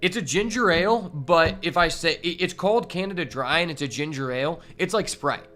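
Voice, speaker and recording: Brief: male streamer, slightly high voice, excitable and foul-mouthed, chatting with viewers over faint music. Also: fairly quick. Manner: profane, excitable, talks to chat. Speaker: game streamer. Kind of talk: casual live-stream commentary while playing.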